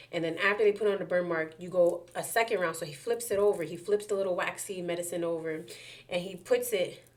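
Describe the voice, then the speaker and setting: A young adult woman telling a personal story casually to camera, animated and chatty, with many fillers and repeated words. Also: fairly low pitch. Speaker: vlogger sharing a personal story.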